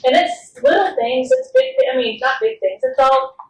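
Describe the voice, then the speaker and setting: A woman's voice: sits high, moderate pace. A mother in the audience asking a question, quoting what she tells her child. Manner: lively, quotes her own words to her child. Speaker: parent in the audience. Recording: echoey room, picked up from a distance.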